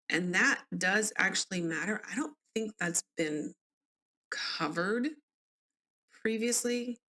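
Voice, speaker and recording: A woman's voice: mid-range voice, lively intonation, slow, bright, forceful tone. A woman from the Southern US, with a Southern accent, hosting a true-crime podcast and chatting with listeners between readings. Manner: chatty, conversational asides to listeners. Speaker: podcast host.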